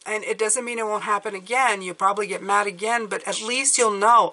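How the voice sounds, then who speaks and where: A woman's voice: mid-range voice, steady tone, fairly quick, hardly any pauses, sharp tone. A middle-aged woman reading tarot cards in a chatty, reassuring, soothing way. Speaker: tarot reader.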